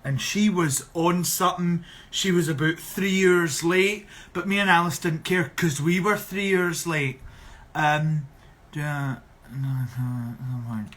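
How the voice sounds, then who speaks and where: On a relaxed live stream, a young drag performer from Scotland reads out questions from viewers and responds with chatty sarcasm. He speaks slowly in a voice that's on the high side and fairly bright.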